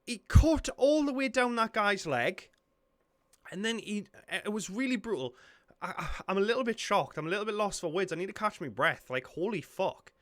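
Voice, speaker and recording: A young Geordie man talks through a film he is watching, blurting out shocked swearing. His voice sits a little high with a bright, forward edge. The sound is close and dry. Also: lively intonation, moderate pace, dry recording. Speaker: reaction video host. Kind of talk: casual film reaction commentary.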